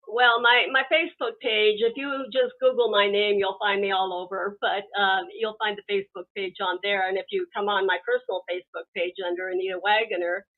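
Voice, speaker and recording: A woman's voice: medium pitch, fairly even intonation, brisk, hardly any pauses. A woman guest calling in to a talk show, chatting in an easygoing, conversational way. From American West. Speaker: guest, film producer. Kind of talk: casual interview chat. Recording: tinny phone line.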